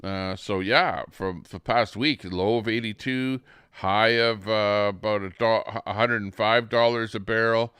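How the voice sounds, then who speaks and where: A man's voice: lowish voice, fairly even intonation, unhurried, fairly bright tone, smooth, dry recording, clean studio sound. A man hosting a livestream, rambling through casual commentary with plenty of fillers and restarts. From Canada. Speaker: livestream host. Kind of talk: casual live-stream commentary.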